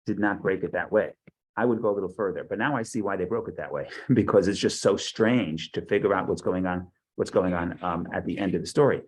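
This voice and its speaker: A man's voice: low voice, rough recording. A man teaching a Bible study class over a video call, thinking aloud with frequent restarts and asides. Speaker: Torah teacher.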